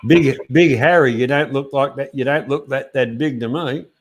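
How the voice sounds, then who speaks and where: A man's voice: mid-range voice, measured pace, slightly rough. Rambling Australian man on a live chat. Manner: rambling with many fillers and restarts.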